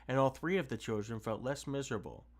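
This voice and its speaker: A man reading a storybook aloud on a stream, steady with occasional restarts. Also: mid-range voice, fast talker. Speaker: streamer reading books to chat. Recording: faint music behind.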